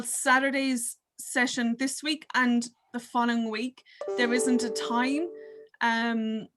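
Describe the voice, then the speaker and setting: A woman's voice: a little high, fairly bright tone. An Irish woman hosting an online training programme, giving casual housekeeping notes with many fillers. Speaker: programme host.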